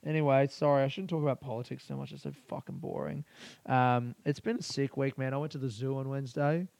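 A man's voice: medium pitch, fairly even intonation, fast talker, gravelly, a little mellow, dry recording. A young Australian man hosting his own podcast alone, rambling in a crude, profane, offhand way. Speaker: podcast host. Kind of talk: solo casual podcast monologue.

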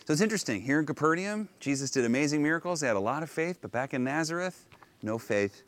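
A man preaching a sermon on location, retelling a Bible story in an animated, conversational way and acting out the characters' lines. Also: on the high side, fast talker. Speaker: pastor. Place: outdoors on location.

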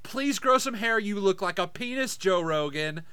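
Animated high-voiced man ranting. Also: normal speed, clean tone, no room sound. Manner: crass, animated, profane ranting. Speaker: podcast co-host. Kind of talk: casual banter.

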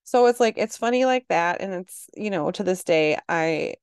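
A woman from Minnesota in her forties, hosting a casual podcast monologue and telling parenting stories in an exasperated, animated way. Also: lowish voice, moderate pace, smooth, no room sound, studio quality. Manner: exasperated, animated storytelling with acted-out quotes. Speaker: podcast host.

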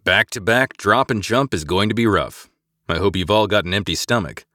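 A man voicing a gruff, wry ship captain giving commands, for an audiobook. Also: fairly low pitch, normal speed, pushed and bright, no echo, clean studio sound. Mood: commanding. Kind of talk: scripted audiobook acting.

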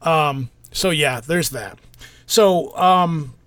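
A man's voice: a little high, extremely slow, fairly bright tone, dry recording. A man co-hosting a casual podcast, telling a rambling story and joking along. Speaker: podcast co-host.

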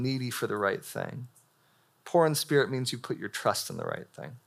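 In a church hall before a live audience, a young adult man gives a sermon in a gravelly, medium-pitched voice. He's casual and animated and uses filler words often.

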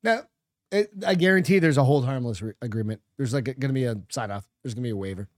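A man's voice: mid-range voice, lively intonation, quick pace, no room sound. A middle-aged man co-hosting a casual podcast, crude and joking, reading news stories aloud, close on the mic. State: hiccups. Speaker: podcast co-host.

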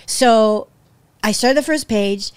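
High-pitched woman guest, expressive storyteller who acts out every quote. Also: clean tone. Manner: acts out quotes with big pitch jumps, emotional, fast restarts. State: near tears. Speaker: podcast guest, rescue founder. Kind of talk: animated storytelling in conversation.

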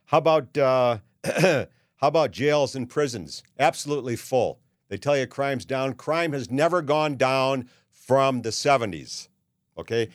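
Ranting bluntly in an opinionated podcast monologue, a host in his seventies stumbles through many "uh"s and restarts. His mid-range voice has lively intonation and a measured pace, captured at studio quality without echo.

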